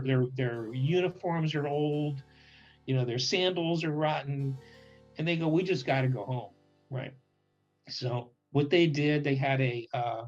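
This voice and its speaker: Animated man telling history jokingly. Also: on the high side, highs cut off. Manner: animated, acts out quotes in voices, restarts often. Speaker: podcast co-host. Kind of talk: casual comedic history storytelling.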